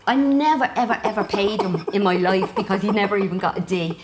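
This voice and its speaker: A middle-aged woman with an Irish accent, a guest telling family stories in a lively, laughing manner. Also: mid-range voice, fast. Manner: lively, warm storyteller who laughs often. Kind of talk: casual storytelling chat.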